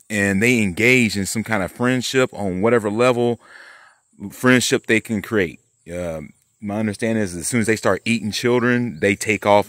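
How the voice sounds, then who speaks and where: Low-voiced man rambling, dry and close. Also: a bit bright, dry recording. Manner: rambling, profane, conspiratorial storytelling. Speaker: vlogger and painter. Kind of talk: rambling casual monologue to camera.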